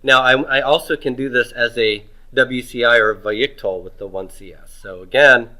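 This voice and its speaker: A middle-aged man leads a grammar lesson in a bright, forceful voice. He asks questions, pauses, and answers them himself, stretching out words as he spells them. His pitch sits in a middle range. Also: steady tone, rough recording. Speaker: Hebrew grammar teacher. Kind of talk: homework review lecture.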